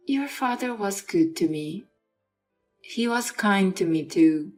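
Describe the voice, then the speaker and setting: A woman's voice: mid-range voice, animated, slow, darkish tone, faint music behind. A woman voicing a young wife in a dramatized story, incredulous and sarcastic toward her husband. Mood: hesitant. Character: young wife with an injured arm, exasperated.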